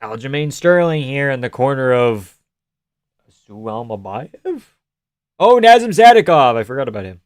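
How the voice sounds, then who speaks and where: A man's voice: medium pitch, big pitch swings, normal speed, no room sound, clean studio sound. A man hosting a live stream, giving casual, joking reaction commentary on fights, swearing often and reading chat aloud.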